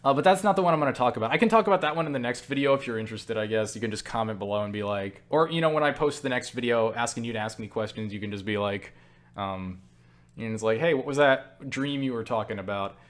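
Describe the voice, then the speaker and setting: A man's voice: mid-range voice, fast. A young man hosting his own channel, telling stories to camera in a rambling, filler-heavy way and casually mocking himself. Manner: rambling, full of fillers like "you know" and "like"; self-mocking, swears casually. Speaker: channel host answering viewer questions. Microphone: webcam mic.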